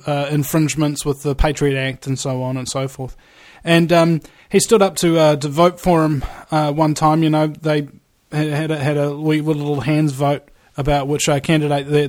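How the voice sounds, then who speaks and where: A man with a slightly higher voice hosts a loose, casual conversation. He rambles, makes jokes and puns, and talks in an easygoing way. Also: darkish tone, dry recording, studio quality. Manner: jokey, rambling, puts on funny voices. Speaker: host.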